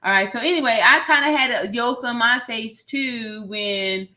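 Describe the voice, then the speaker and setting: A woman hosts a casual commentary vlog with a fairly high, bright voice. She talks straight to her viewers in an animated, self-mocking way, breaking into laughter again and again. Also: normal speed. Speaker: nurse YouTuber, channel host.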